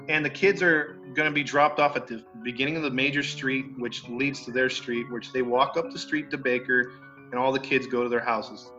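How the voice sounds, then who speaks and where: A man hosting a podcast, telling a true crime story in a casual, slangy way. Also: mid-range voice. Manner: animated, slangy, acts out quotes. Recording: dull lo-fi sound with faint music.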